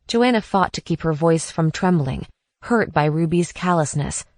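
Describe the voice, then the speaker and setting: A woman narrating a post-apocalyptic audiobook in a measured, even reading. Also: deep voice, no room sound. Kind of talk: scripted narration.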